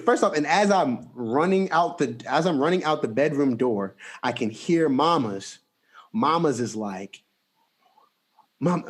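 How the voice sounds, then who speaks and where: A young man hosting a podcast, telling a story in a casual, animated, slangy way. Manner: animated, slangy storytelling with big pitch jumps. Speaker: podcast host.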